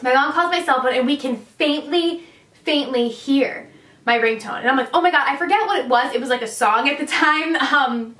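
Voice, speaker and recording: A woman's voice: high voice, moderate pace, pushed and bright. A young adult woman chatting through a storytime vlog, with lots of casual fillers. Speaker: vlogger. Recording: echoey room, distant mic.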